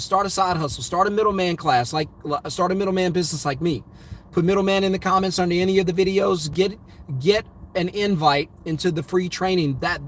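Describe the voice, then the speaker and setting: A man with a notably high voice delivers a motivational money talk to his viewers. He is middle-aged and hammers his points home with emphatic repetition, in a preachy, punchy rhythm. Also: fairly bright tone, a little hiss or hum. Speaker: host.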